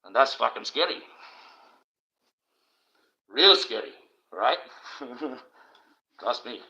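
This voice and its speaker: A man hosting a livestream alone, rambling and swearing in loose casual banter into a low-placed mic. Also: lively intonation, slow pace, gravelly, bright, forceful tone. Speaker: livestream host. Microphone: low-placed desk mic. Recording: dull lo-fi stream audio.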